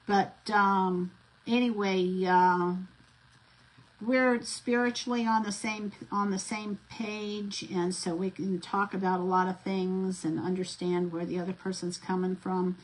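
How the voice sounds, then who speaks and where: A woman's voice: medium pitch, flat delivery, a little slow, low-quality recording. A middle-aged woman, chatting and rambling through stories while she works on a craft vlog, full of fillers and restarts. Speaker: craft vlogger.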